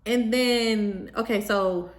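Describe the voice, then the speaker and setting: A young woman telling a storytime vlog in an animated, slangy way, talking straight to her viewers. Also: a little high, takes it slowly.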